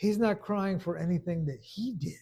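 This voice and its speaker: A man preaching a conversational sermon, stumbling over restarts and then rising into loud bursts of emphasis. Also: high-pitched, normal speed, creaky.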